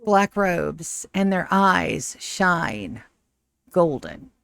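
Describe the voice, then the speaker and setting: A woman's voice: fairly low pitch, sing-song, drawn-out words, vocal fry, fairly bright tone, no room sound. Woman narrating as game master. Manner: casual, descriptive.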